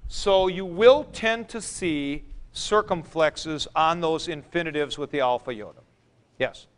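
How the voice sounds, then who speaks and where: Slow-talking male teacher, smooth clear voice. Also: on the high side. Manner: thinking aloud, repeats points for emphasis. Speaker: Greek teacher. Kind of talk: classroom lecture. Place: classroom with a board.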